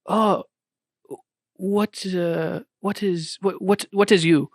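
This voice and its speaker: A man putting on the voice of an old male shopkeeper with a Korean accent, speaking halting, broken English. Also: high-pitched, steady tone, dry recording, clean studio sound, full character voice. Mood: puzzled. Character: old male immigrant shopkeeper, blunt and puzzled.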